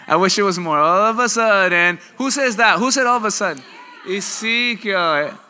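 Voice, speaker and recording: A man preaching a sermon in a conversational, animated way, often trading lines with his congregation. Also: high voice, moderate pace, smooth. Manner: conversational, animated preaching with audience back-and-forth. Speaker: pastor. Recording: long hall reverb.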